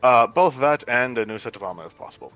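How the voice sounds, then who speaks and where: A man's voice: mid-range voice, lively intonation, fast talker, a bit bright, soft background music. A man playing a tabletop game, speaking casually and a little hesitantly. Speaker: player.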